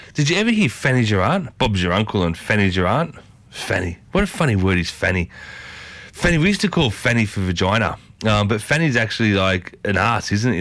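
An Australian man hosting a morning radio show, chatting casually and rambling, with big upward swings in pitch, on a studio microphone. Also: a bit bright, no room sound. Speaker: radio host.

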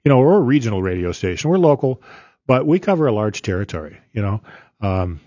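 A man's voice: on the low side, big pitch swings, fast, dark tone, no echo, highs cut off. An older man talking plainly on a radio show, rambling a little with fillers. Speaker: longtime radio news guest. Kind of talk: casual radio conversation.

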